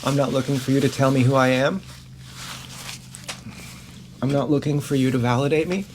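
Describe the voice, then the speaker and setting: A man's voice: mid-range voice, steady tone, moderate pace, darkish tone, a little hiss or hum. A man vlogging in a frank, rambling monologue to camera, swearing freely and laughing often.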